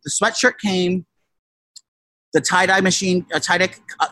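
A casual, profane storyteller who rambles with many restarts and shouted quotes. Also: male voice, sits high, fairly even intonation, moderate pace, no room sound. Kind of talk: casual chat.

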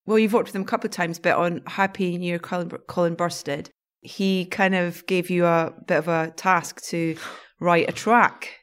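A woman's voice: fairly low pitch, steady tone, moderate pace. Laughing woman interviewer. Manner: brief prompts and frequent laughs. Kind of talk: casual interview.

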